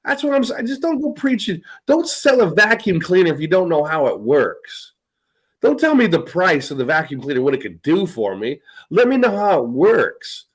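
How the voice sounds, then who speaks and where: Guy, high voice, rambly, cusses a lot, laughs a bunch. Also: big pitch swings, normal speed, breathy edge, poor audio. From United States. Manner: profane, rambling, laughs often. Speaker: podcast host. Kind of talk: casual chat.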